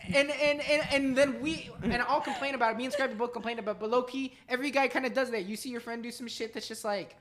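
A young man in animated casual chat, swearing and saying "bro" and "like" a lot. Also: very high voice, fast talker, hardly any pauses, crowd noise.

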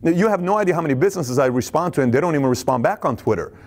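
A man giving an intense, high-energy business talk, who acts out little scenes of dialogue and sometimes stammers and repeats words. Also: lively intonation, rapid-fire, darkish tone. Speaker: business speaker.

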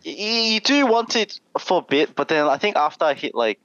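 A young Australian man talks in a lively, swooping voice a touch higher than most men. He chats casually as a guest, rambling through many fillers and restarts, laughing often. The audio is dull and lo-fi, with no room sound at all. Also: a little fast, no echo. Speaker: podcast guest. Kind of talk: casual chat.

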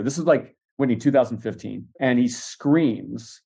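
Fast-talking man with a mellow voice. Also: on the low side, vocal fry, breathy edge. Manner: fast, animated storytelling with acted-out quotes. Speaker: podcast guest, entrepreneur. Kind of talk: casual interview storytelling.

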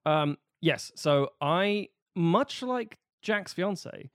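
A man's voice: sits high, animated, very slow, no room sound, clean studio sound. A man co-hosting a casual film podcast, chatty and wry as he reviews films.

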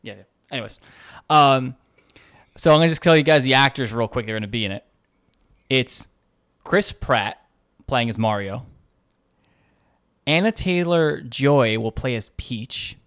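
A man's voice: medium pitch, lively intonation, unhurried, pauses often, fairly bright tone, no echo, clean studio sound. A man co-hosting a casual gaming news podcast, chatty and upbeat. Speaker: podcast co-host.

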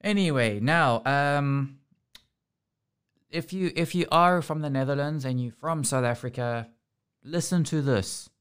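A man's voice: fairly high pitch, measured pace, a bit bright, clear, resonant tone. A man hosting a casual podcast, ranting sarcastically and often restarting his sentences. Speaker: podcast host.

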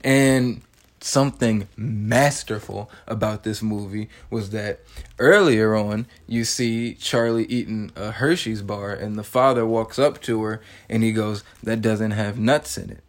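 A man in his twenties recaps a movie in a casual, animated monologue, swearing freely and tossing in joking asides. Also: on the low side, unhurried. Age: 20s. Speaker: film reviewer.

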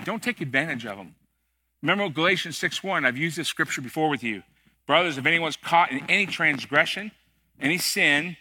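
Bright-voiced, joking male pastor preaching. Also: fairly high pitch. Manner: conversational, joking, emphatic. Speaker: executive pastor. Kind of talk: sermon. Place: church sanctuary.

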